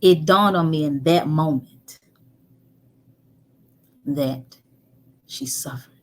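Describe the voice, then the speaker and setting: A woman telling a painful personal story candidly, moving between animated talk and near-whispers. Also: deep voice, slow. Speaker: guest. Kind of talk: emotional storytelling.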